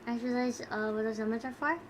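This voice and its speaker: A tipsy young woman streamer chatting casually with viewers, talking quietly and rambling with giggles close to her mic. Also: on the high side, steady tone, fast talker, a little hiss or hum, poor audio. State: tipsy from drinking. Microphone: close desk mic.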